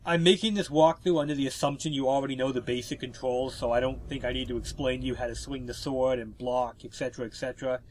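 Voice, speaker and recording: A man with a stuffy voice from a cold talks casually through a game walkthrough. His voice sits at an ordinary pitch, and his explanations are full of fillers. A faint hiss of noise runs underneath. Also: fairly even intonation, fast, hardly any pauses. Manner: chatty, explanatory, with filler words. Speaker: video game walkthrough narrator. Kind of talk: casual gameplay commentary.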